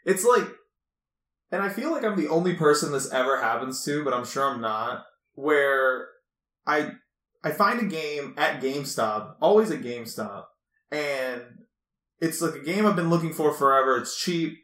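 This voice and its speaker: A man's voice: on the high side, animated, normal speed, a bit bright, roomy sound. A man co-hosting a podcast, telling an exasperated story in casual chat. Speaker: podcast co-host.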